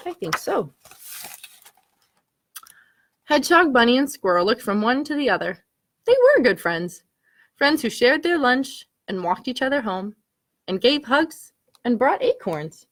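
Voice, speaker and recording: A woman, a children's librarian, reading picture books aloud to children with an animated, questioning storytime manner. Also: on the high side, normal speed. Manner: animated, asks listeners questions, gasps at the story.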